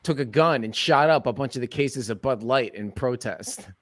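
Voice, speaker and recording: A man's voice: medium pitch, moderate pace, no room sound, studio quality. A man chatting in casual podcast banter in a laid-back, easygoing way.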